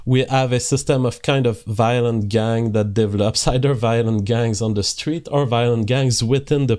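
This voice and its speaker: A man hosting a livestream, reading viewer messages aloud and explaining at length in a measured way. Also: lowish voice, mellow. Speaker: host.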